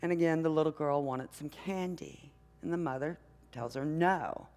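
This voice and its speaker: An older woman, a mother and grandmother, preaching a sermon in a church with an unhurried, conversational manner, often asking the congregation questions. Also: low-pitched, darkish tone. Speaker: minister. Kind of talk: sermon with storytelling. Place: church sanctuary. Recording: long hall reverb.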